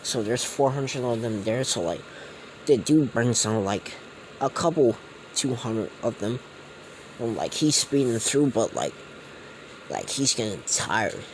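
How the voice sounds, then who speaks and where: A man's voice: mid-range voice, lively intonation, unhurried, slight background noise, poor audio. Rambling, slangy young man. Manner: rambling and slangy, many fillers. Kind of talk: casual retelling of a fan story.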